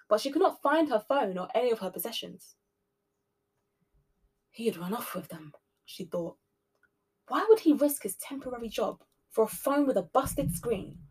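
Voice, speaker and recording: A woman hosting a podcast, narrating a spooky story with expressive shifts between loud and soft delivery. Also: fairly high pitch, husky. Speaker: podcast host reading a story.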